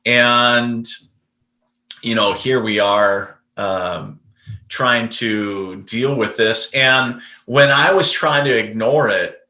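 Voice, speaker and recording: Bright-voiced man telling a story. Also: mid-range voice, drawn-out words, echoey room. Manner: rambling, many fillers and restarts. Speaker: podcast guest, medium. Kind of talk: casual storytelling.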